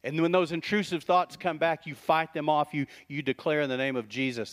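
A middle-aged man preaching a sermon in a slightly high voice. He talks to the congregation like a friend, with quick asides and lots of rhetorical questions. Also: steady tone. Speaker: pastor.

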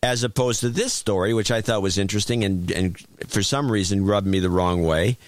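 A man's voice: fairly low pitch, brisk, no echo. A man hosting a casual talk show, giving blunt, wry opinions and often restarting his sentences.

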